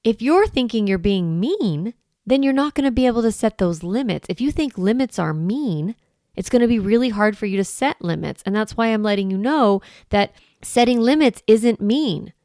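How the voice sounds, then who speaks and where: Woman, parenting coach, solo talk, gravelly tone, dry sound, firm voice for example phrases. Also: on the high side, lively intonation, moderate pace, warm tone, no echo. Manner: shifts into a firm, strong voice when acting out what to tell kids.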